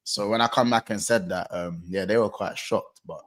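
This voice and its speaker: Laid-back young man, low voice. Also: normal speed. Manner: laid-back, slangy, trails off quietly. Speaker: football podcast panelist. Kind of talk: casual chat.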